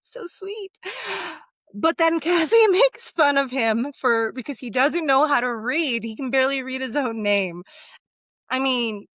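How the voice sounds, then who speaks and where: Young female co-host, animated and playful, slightly high, dry studio read. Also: measured pace, no room sound. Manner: animated, acts out characters in quoted asides. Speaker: podcast co-host. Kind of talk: casual book discussion.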